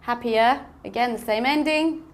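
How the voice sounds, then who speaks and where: In a slow classroom explanation, a woman teaches English grammar patiently, repeating words and spelling out endings letter by letter. Her voice is on the high side and her pace moderate.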